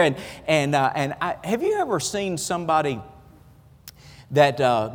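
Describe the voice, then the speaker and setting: A man's voice: fairly high pitch, big-room sound. A man with a Southern US accent preaching a sermon, telling folksy, self-deprecating stories with humor. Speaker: pastor.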